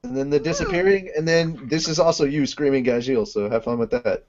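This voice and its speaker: A man co-hosting a podcast in casual chat, excitable and joking. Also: fairly high pitch, brisk. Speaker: podcast co-host. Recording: dull lo-fi podcast audio.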